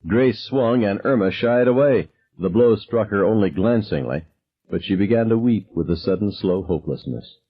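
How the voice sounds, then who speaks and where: A man reading a novel aloud as narrator, calm and measured, dropping low on dialogue tags. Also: breathy edge, highs cut off. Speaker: audiobook narrator. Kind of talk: scripted narration.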